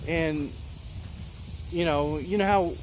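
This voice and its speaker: A man in his thirties telling a personal story in a casual, halting way, with many fillers and restarts. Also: on the high side, a little hiss or hum. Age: 30s.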